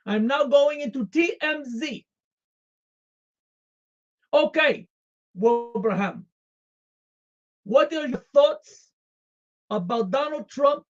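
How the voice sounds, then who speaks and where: With a put-on Russian accent and a medium-pitched voice, this streamer plays a loyal communist comrade, delivering formal, broken English in deadpan style for comedy. The audio has its highs cut off.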